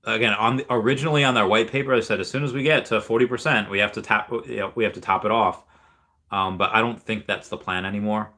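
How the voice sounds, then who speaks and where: A man's voice: fairly low pitch, fairly even intonation, fast talker, sharp tone. A young man hosting a casual livestream, rambling in an upbeat way as he reads viewer comments aloud. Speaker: livestream host reading chat.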